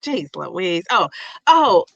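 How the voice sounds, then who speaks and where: A woman's voice: fairly low pitch, big pitch swings, slow, creaky, a bit bright, dry recording, highs cut off. A middle-aged woman hosting a casual livestream, greeting viewers by name in a bubbly, playful way and laughing at her own jokes.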